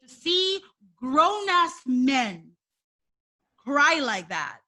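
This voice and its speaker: High bright-voiced woman cohosting a podcast, animated, laughs a lot. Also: very slow. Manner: animated, laughs often, acts out quotes. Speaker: podcast co-host. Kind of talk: casual chat.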